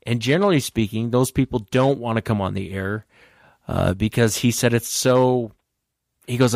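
A man hosting a podcast, chatting casually and retelling a listener's account with lively energy. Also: mid-range voice, normal speed, creaky, no echo, clean studio sound. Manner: animated retelling of a caller's story. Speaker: podcast host. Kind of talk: casual interview chat.

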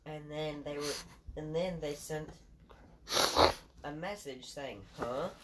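A soft-spoken man co-hosting a podcast in casual, dry back-and-forth. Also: fairly high pitch, slow. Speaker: podcast co-host. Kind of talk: casual banter. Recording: noisy background hiss.

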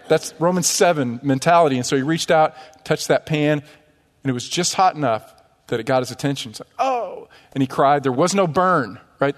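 A middle-aged man preaching in a church sanctuary, his fairly high voice carrying a long hall reverb. He talks conversationally and jokes with the congregation between points, then slows for emphasis. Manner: lively, conversational preaching with humor. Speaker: pastor. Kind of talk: sermon.

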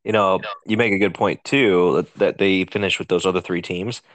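Low-voiced easygoing man. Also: steady tone, normal speed, fairly bright tone, no echo. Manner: easygoing, conversational, leads the questions. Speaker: podcast co-host. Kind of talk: casual sports chat.

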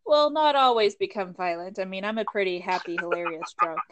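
A woman voice actress in a casual chat, chatty and quick to laugh. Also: mid-range voice, noisy background.

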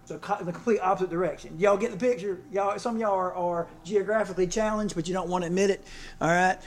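A man preaching a sermon as pastor, conversational and animated with self-deprecating asides. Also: sits high, quick pace, a little hiss or hum.

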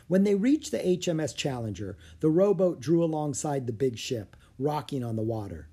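Husky storybook narrator. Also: medium pitch, normal speed, hardly any pauses. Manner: steady, clear storytelling with small shifts into each character. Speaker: audiobook narrator. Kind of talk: storybook read-aloud.

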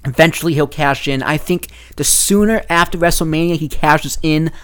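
A young man hosting a casual solo podcast, rambling and excitable, often cutting himself off. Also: a little high, normal speed, clear, resonant tone. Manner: rambling, excitable, self-interrupting. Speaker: podcast host.

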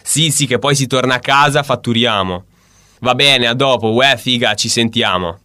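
A man's voice: mid-range voice, a little fast, bright, forceful tone, voice pushed up, close to an everyday voice. A man voicing a chummy, money-minded Milanese man on a phone call, with a Milanese accent and a breezy, slangy manner.

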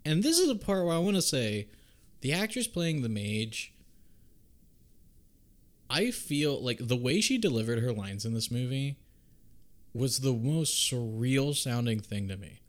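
A man's voice: medium pitch, a little slow, pauses often. Profane man recapping a movie. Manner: profane, animated storytelling, acts out characters' lines. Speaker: podcast co-host. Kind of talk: casual movie recap chat.

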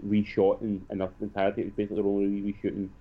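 Fast-talking man on a tinny line. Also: on the low side, completely flat delivery. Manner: rapid, repeats words when restarting. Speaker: podcast co-host. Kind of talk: casual film review chat.

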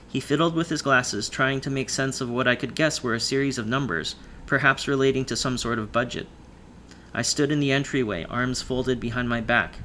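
A man narrating a first-person audiobook in a measured storytelling manner. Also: medium pitch, fairly bright tone, a little hiss or hum.

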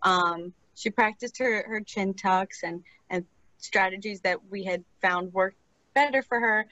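A woman's voice: medium pitch, fairly bright tone, no room sound, poor audio. A woman in her twenties, a speech-language therapist, telling a client story in an earnest, conversational way during an interview.

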